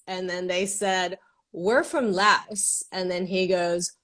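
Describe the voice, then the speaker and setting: A woman's voice: on the low side, steady tone, slow pace, sharp tone. A woman host from Texas in a casual interview, talking hesitantly with many fillers and restarts.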